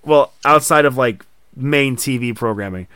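A man's voice: mid-range voice, moderate pace, bright, forceful tone, clean tone, no echo. A man hosting a casual podcast chat, telling stories animatedly and acting out quoted voices. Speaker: podcast host.

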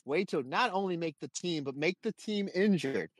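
A man's voice: on the high side, expressive, normal speed, dry recording. A man co-hosting a casual podcast, bantering in a jokey, friendly way. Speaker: podcast co-host.

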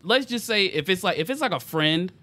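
A man's voice: high-pitched, lively intonation, a little fast, sharp tone. A young man co-hosting a podcast in a casual group chat, arguing his point and often saying "bro". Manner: argumentative, says "bro" a lot. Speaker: podcast co-host.

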